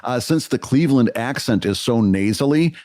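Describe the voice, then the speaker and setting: A man's voice: mid-range voice, animated, moderate pace, a little mellow, dry recording, studio quality. Easygoing man on a podcast. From Ohio. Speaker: podcast co-host. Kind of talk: casual chat.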